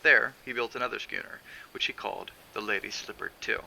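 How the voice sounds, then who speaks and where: Brief: lower-voiced man with a gravelly edge narrating a novel, steady and measured. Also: slight background noise, low-quality recording. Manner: measured, steady reading with occasional fillers. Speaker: streamer reading a novel aloud. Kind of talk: audiobook narration.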